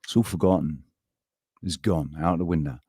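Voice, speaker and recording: A man hosting a live stream, ranting in a heated, halting way and swearing often. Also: sits low, warm tone, breathy edge, no room sound, studio quality. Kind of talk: casual live-stream chat.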